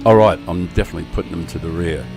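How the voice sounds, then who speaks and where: Older Australian man, low wheezy voice, false teeth, rambling profane game commentary. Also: very fast, vocal fry, heavy background noise. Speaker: game streamer. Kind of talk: casual gameplay commentary.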